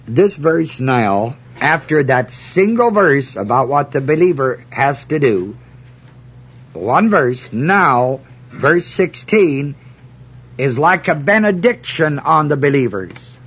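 A man teaching through Bible verses one by one, reading scripture aloud in a measured cadence and stressing key words. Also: on the high side, very animated, a bit bright, slightly rough, highs cut off. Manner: slow and deliberate, emphatic on key words.

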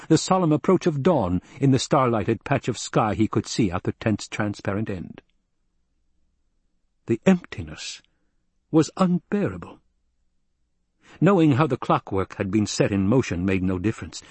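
A man narrating an audiobook in a measured, dramatic storytelling manner with a husky voice. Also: mid-range voice, a little mellow, no room sound.

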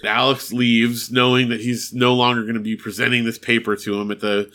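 Man, podcast co-host, casual recap chat, bright forceful voice, acts out quoted lines. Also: medium pitch, little pitch movement, fairly quick. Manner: recaps plot with acted-out quotes and laughs.

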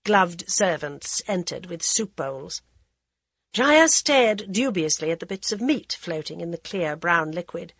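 A woman narrating a novel in a measured, even audiobook style. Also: lowish voice, vocal fry, husky, no echo.

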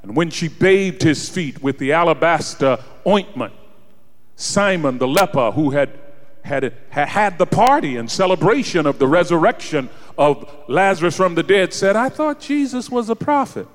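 A man preaching a sermon, swinging between hushed low passages and shouted peaks. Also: animated, moderate pace, long reverb tail.

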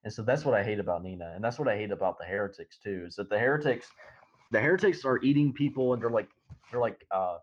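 A man chats casually on a podcast, his voice sitting on the low side. He rambles, stops and restarts, filling the gaps with ums. The recording sounds dull and lo-fi. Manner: rambling, halting, many fillers. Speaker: podcast co-host. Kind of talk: casual discussion. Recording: dull lo-fi audio.

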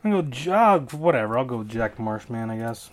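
A man's voice: medium pitch, big pitch swings, fairly quick. A man hosting a casual solo podcast, rambling through fight predictions in a jokey way and often correcting himself mid-sentence. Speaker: podcast host.

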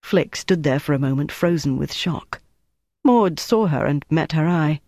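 A man reading a novel aloud as narrator, in a steady, even way. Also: on the high side, unhurried, no room sound, studio quality. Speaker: audiobook narrator. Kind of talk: scripted narration.

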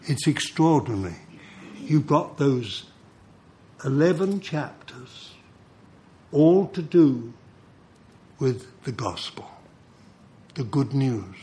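An older man preaching a sermon, telling stories in an animated way and chuckling between points. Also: on the high side. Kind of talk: sermon with storytelling.

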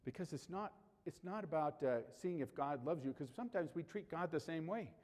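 A man preaching a sermon in a church, animated, swinging between loud calls and quiet asides, joking with the congregation. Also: fairly high pitch, a little fast. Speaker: pastor. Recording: hall reverb.

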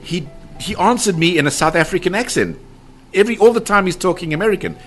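A man's voice: sits high, lively intonation, fast talker, a bit bright, soft background music. A middle-aged man telling of a paranormal encounter with drama, acting out quotes and repeating his phrases. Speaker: guest describing a paranormal encounter. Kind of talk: animated storytelling.

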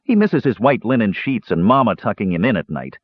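A man's voice: on the low side, sing-song, a little fast, no echo, highs cut off. A man voicing a stern young warrior who bosses his younger brothers, sour and commanding.

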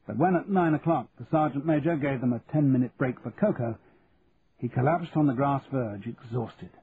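A man reading a novel aloud in a measured, even narration. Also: medium pitch, crowd noise. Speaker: audiobook narrator. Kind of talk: scripted narration. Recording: narrow phone-like sound, faint hiss.

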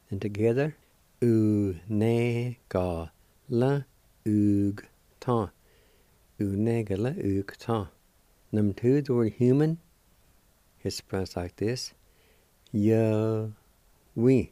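An older man with a Cherokee accent teaching words slowly and deliberately as a radio language teacher, repeating each one. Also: fairly low pitch, mellow, dry recording. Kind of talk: slow spelled-out language lesson.

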